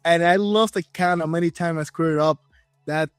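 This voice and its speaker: A man hosting an interview podcast, a Spanish native speaker talking in English, excited and chatty. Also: fairly high pitch, normal speed, smooth, no room sound, clean studio sound, soft background music. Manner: excited, chatty, rephrases often. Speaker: podcast host. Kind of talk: casual interview chat.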